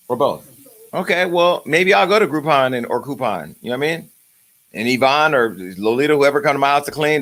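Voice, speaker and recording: Guy hosting a gossip show, loud crude rants, cussing nonstop. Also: mid-range voice, animated, brisk. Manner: brash, ranting, crude insults. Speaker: host. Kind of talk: profane comedic celebrity gossip.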